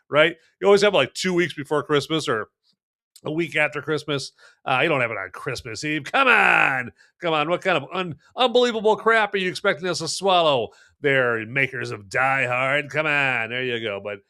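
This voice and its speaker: A man's voice: medium pitch, sharp tone, clean tone. A man hosting a live movie review podcast, rambling and joking while answering the live chat. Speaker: podcast host.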